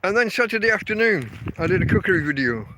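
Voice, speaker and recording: English host walking his dog at night, rambling phone-stream chat, a touch higher voice than most men, faint outdoor hiss. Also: very animated, quick pace, pushed and bright. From England. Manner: rambling, talks to his dog between thoughts. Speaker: podcast host. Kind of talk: casual live-stream chat.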